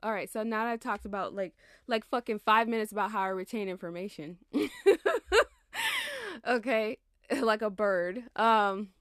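A woman's voice: mid-range voice, fairly even intonation, moderate pace, fairly bright tone, clear, resonant tone, no echo. Tired, chatty young woman, dry close mic. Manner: chatty, laughs and digresses, slangy. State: tired, yawning. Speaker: podcast host. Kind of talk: casual rambling monologue.

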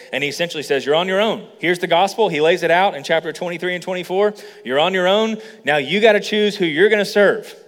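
A man preaching a sermon as a pastor, animated, building to emphatic passages and acting out quoted lines. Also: fairly high pitch. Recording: long reverb of a large hall.

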